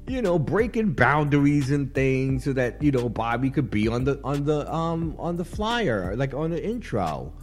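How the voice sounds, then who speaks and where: A man's voice: medium pitch, very animated, moderate pace, few pauses, faint music behind. A man hosting a radio talk show, chatting casually and playfully, laughing often and rambling through asides.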